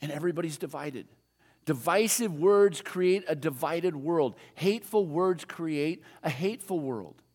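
Older male preacher, high voice, echoing hall. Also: unhurried, darkish tone. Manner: conversational preaching with repeated refrains and questions to the audience. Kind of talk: sermon.

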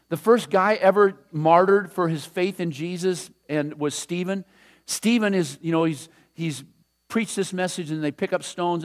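A male pastor giving a conversational sermon, often dropping to a hushed voice for scripture quotes and chuckling between thoughts. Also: high voice.

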